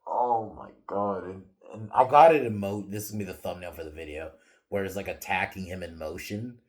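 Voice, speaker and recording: A man hosting a podcast, giving a casual film review that is animated and full of swearing, laughter, restarts and fillers. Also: low voice, quick pace. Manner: animated, profane, laughing often, many restarts and "like"s.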